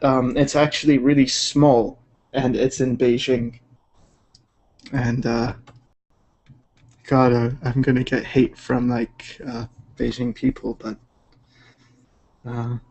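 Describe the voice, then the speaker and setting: Man, relaxed rambling livestream chat, mellow tone, unhurried. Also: medium pitch. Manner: laid-back, rambling, many fillers. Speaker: digital artist streaming. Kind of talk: casual livestream chat while drawing.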